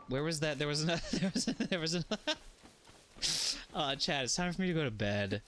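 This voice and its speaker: A man's voice: on the high side, animated, a little fast, pauses often, a bit bright, a little hiss or hum. A man streaming a game live, rambling in a jokey way, swearing freely and chatting to his viewers.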